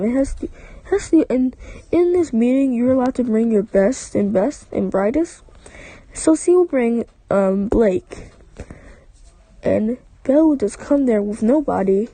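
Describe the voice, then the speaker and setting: A woman's voice: a little high, lively intonation, unhurried, warm tone, dry recording. A woman narrating a fan-made story off the cuff, rambling and correcting herself often. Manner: rambling, with frequent restarts and self-corrections.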